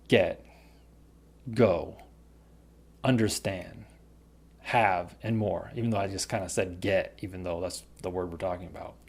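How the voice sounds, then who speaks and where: A man's voice: on the low side, a little mellow. A man teaching English pronunciation, carefully demonstrating pairs of words. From United States. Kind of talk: pronunciation lesson.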